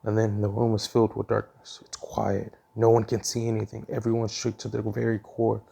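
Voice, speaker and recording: Gravelly man rambling through a fan story. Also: on the low side, warm tone. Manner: rambling, with frequent ums and restarts. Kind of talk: casual spoken retelling of a fan story.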